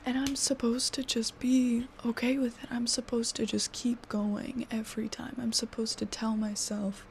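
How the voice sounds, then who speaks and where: A woman in her twenties venting to her camera, frustrated and exhausted, swearing and often sinking into a breathy half-whisper. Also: on the high side, level tone, moderate pace, hardly any pauses, a little hiss or hum. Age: 20s. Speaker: vlogger.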